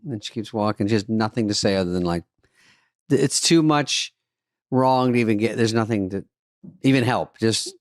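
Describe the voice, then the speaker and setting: A man hosting a podcast, telling a funny story in a wry, rambling, self-deprecating way, with quick asides. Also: fairly low pitch, no echo, clean studio sound. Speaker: podcast host. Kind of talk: casual comedic storytelling.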